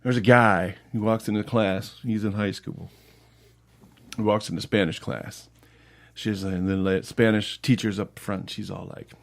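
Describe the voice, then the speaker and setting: A man's voice: on the low side, steady tone, measured pace, gravelly. A man co-hosting a comedy show, telling dirty jokes in a rambling, profane, laughing way. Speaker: co-host. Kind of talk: comedy podcast joke-telling.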